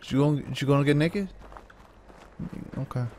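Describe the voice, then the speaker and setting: A man's voice: on the high side, normal speed, a little mellow. A man giving let's play commentary as a gaming channel host, joking and teasing the game characters.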